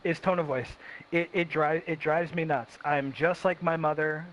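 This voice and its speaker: A man's voice: on the high side, level tone, normal speed, a bit bright. A man hosting a casual chat, talking emphatically and repeating himself as he reflects. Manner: emphatic, repetitive self-reflection. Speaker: host. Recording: dull lo-fi sound with faint hiss.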